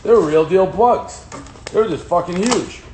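Man host, slightly high voice, profane and jittery, riffing through a casual unboxing; light background noise. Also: a little slow. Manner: profane, excitable, jittery running commentary. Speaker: host unboxing fan mail.

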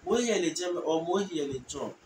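A man giving a casual language lesson, repeating short phrases slowly so learners can follow. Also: a little high, lively intonation, darkish tone. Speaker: language teacher. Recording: echoey room, distant mic, faint noise.

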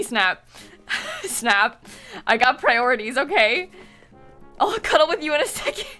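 A woman's voice: high-pitched, pushed and bright. A young woman streaming a video game, chatting casually, giggling often and squealing dramatically at what happens on screen.

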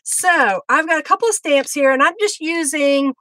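A chatty middle-aged woman hosts a live craft demo, laughing often between remarks. Her voice sits high and bright. The sound is close and dry. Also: normal speed, no echo, rough recording. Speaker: craft livestream host.

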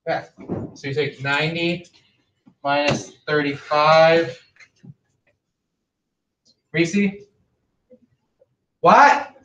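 A male math teacher speaking loudly through a mask, firm and drilling his class. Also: fairly high pitch, very slow, pauses often, recorded from a distance. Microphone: masked, mic at a distance. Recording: echoey classroom.

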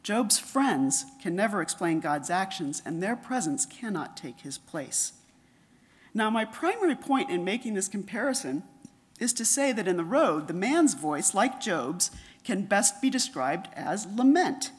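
A middle-aged woman giving a conference lecture, reading her paper in a measured way and dropping softer for quotations. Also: medium pitch, sing-song, a little hiss or hum. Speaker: conference speaker.

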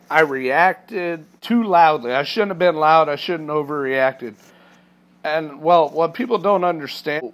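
A man's voice: on the high side, a bit bright. A man in his thirties from Kansas, retelling a workplace clash in a personal vlog, indignant and getting heated. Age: 30s. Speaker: truck driver trainee, vlogger.

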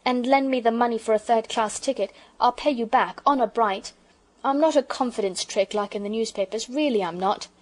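Brief: woman reading as a shy, teary young girl, soft pleading storybook voice, pitched well above the reader's own tone. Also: a little fast, lightly acted. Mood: firm. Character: timid well-mannered young girl, tearful.

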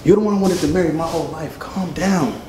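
A man voicing a cheating husband who dodges and stammers and pleads for calm. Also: a little high, quick pace, far from the mic, close to an everyday voice. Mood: pleading. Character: cheating husband, evasive and smooth-talking. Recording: echoey room, off-mic, noisy.

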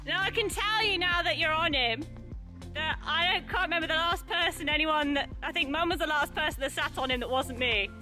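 A woman event rider chatting casually in an outdoor arena, relaxed and quick to laugh and tease. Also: high voice, faint music behind, poor audio. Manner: relaxed, laughs easily, teasing. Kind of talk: casual chat.

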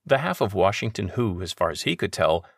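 A man narrating an audiobook in a steady, measured storytelling voice. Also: fairly low pitch, vocal fry, no room sound, clean studio sound.

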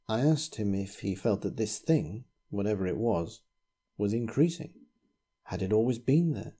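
Man narrating a spooky tale, slow and grave, husky low voice. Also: animated, dark tone. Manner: measured, grave storytelling. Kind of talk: scripted ghost story reading.

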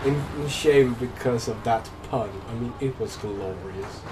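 A young man chatting casually while playing a video game, jokey and quick to burst into laughter and yelps. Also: medium pitch. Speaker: let's play gamer. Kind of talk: casual gaming banter. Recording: distant mic with faint room noise.

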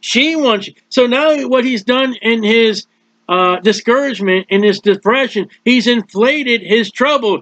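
Delivering a sermon in a very high-pitched, slightly bright voice, this man takes his time, reading each verse in turn and explaining it simply. There's no room sound, and the recording is dull, dry, and lo-fi.

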